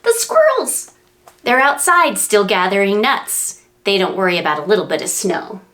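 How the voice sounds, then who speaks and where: Lively sing-song woman reading to preschoolers. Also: medium pitch, moderate pace. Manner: animated, sing-song, makes animal and wind sounds. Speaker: children's librarian. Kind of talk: reading a picture book aloud to preschoolers.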